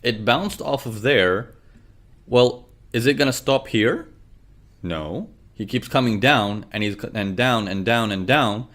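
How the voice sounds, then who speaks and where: A man with an animated mid-range voice and a fairly bright tone teaches a screen-share trading lesson at a slightly slow pace. Going over the chart, he poses questions repeatedly and gives voice to traders' private worries.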